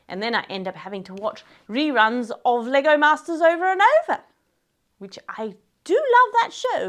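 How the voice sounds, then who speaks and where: A woman reading a silly fairytale aloud for kids in a garden, with playful asides to her young audience. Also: on the high side. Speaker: children's storyteller. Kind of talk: read-aloud storytelling for kids. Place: outdoors in a garden.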